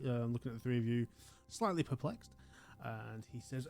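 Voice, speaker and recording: A man's voice: medium pitch, expressive, fairly quick, a little mellow, soft background music. A man narrating a tabletop game as game master in a casual, rambling way.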